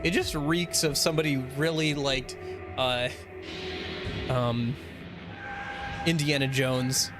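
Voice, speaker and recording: A man's voice: medium pitch, fairly even intonation, slow pace, pauses often, music in the background. An American man giving casual, wry commentary while streaming a video game.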